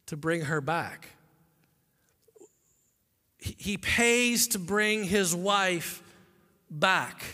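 A pastor with a high, sharp voice tells a story dramatically during his sermon, acting out the voices of the people in it. The recording carries a long hall reverb.

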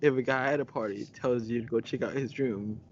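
A man's voice: mid-range voice, steady tone, a little fast, a little hiss or hum. Young male podcast co-host, chatty and giggly, slightly dull lo-fi sound. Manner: laughs often, chatty with many fillers. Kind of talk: casual chat.

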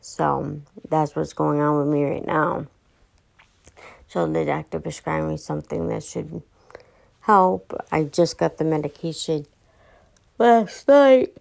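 A woman's voice: deep voice, slow pace, gravelly, pauses often, darkish tone, low-quality recording. An exhausted young woman rambling through a casual podcast monologue, full of fillers and restarts. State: exhausted and fatigued. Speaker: podcast host.

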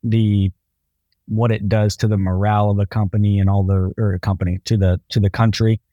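A man's voice: lowish voice, level tone, fairly quick, dry recording, highs cut off. A man as podcast host, thinking aloud in casual conversation.

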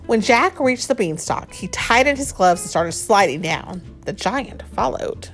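A woman reading a picture book aloud to a child, animated and chatty, often laughing and stopping to talk with the child. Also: medium pitch, measured pace, hardly any pauses, faint music behind. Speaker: storybook reader.

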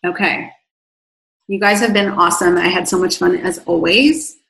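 A woman's voice: lowish voice, steady tone, normal speed, vocal fry, a bit bright, echoey room, a little hiss or hum, low-quality recording. A woman hosting a livestream as an online coach, reading viewer comments aloud and answering in an effusive, rambling way, her voice starting to fade after a long session. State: voice fading from long talking.

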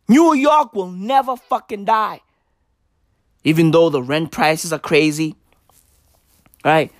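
A man's voice: a little high, no room sound, studio quality. A young man delivering a profane comedic rant, emphatic and slangy, repeating his points over and over. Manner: repetitive, emphatic, slangy, swearing. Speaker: comedic commentator.

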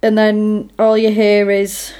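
A woman's voice: mid-range voice, monotone, slow pace, dark tone, clear, resonant tone. A woman chatting casually about an old film, retelling scenes with acted quotes.

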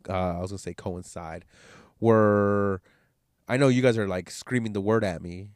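A man's voice: fairly low pitch, steady tone, moderate pace, a little mellow, no echo, studio quality. A man with a stuffed-up nose from a cold, hosting his podcast in a rambling, profane, candid way. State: congested, nasal from a cold. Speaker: podcast host. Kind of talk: casual solo podcast monologue.

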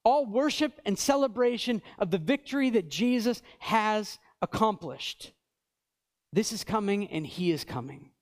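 A man in his thirties preaching a sermon as pastor, reading scripture with emphasis and swinging between fervent peaks and quiet lows. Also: animated, measured pace. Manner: earnest, builds to fervent peaks then drops quiet; reads scripture aloud with emphasis.

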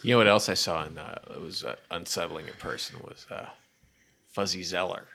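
A man's voice: low-pitched, a little fast, vocal fry, pushed and bright. A man playing a tabletop game with friends, telling rambling jokes. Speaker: player. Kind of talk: joking banter at a game table.

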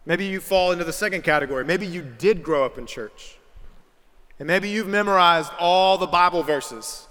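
A young adult man preaching a sermon in a large church, telling stories in a relaxed, conversational way and putting on the voices of the people he quotes. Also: high voice, moderate pace. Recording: reverberant hall with music underneath.

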